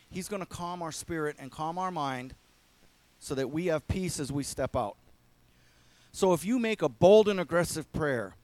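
A man preaching a sermon as a pastor in an earnest way, swinging between emphatic lines and hushed ones. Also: fairly high pitch, dry recording.

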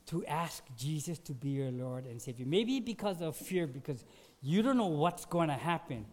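A man preaching a sermon, telling a personal story conversationally, dropping to a hush and then rising to emphatic peaks, still sore after surgery. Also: a little high, normal speed. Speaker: pastor.

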